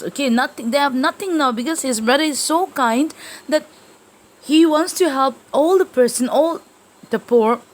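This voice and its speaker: A woman's voice: fairly high pitch, poor audio. Woman teacher explaining a literature text. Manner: explanatory, frequent fillers and check-ins.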